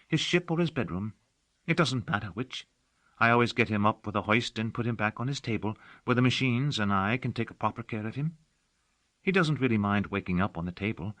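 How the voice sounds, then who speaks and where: A man's voice: medium pitch, fairly bright tone, no echo, pitched above the performer's own voice, lightly acted. A man reading an audiobook, voicing a devoted young female servant who talks earnestly and dotingly. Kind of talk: audiobook character voice.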